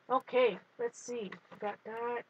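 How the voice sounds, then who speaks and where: A woman's voice: on the high side, darkish tone, slightly rough, highs cut off. A woman hosting a live art journaling stream, chatting casually and greeting viewers by name while she works. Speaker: art journaling livestream host.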